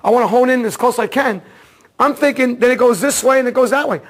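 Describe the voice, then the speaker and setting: A man teaching an automotive diagnostics seminar, telling a case story in a casual, excitable way and acting out the dialogue. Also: extremely high pitch, quick pace. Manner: casual slangy talk, repeats words. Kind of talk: seminar lecture.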